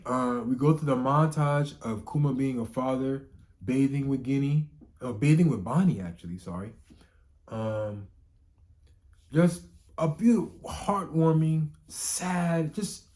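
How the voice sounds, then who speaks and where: A young man giving a casual spoken manga review, rambling with lots of filler words and frequent swearing, and swinging from subdued to excited outbursts. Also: a little high. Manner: emotional, rising to excited outbursts.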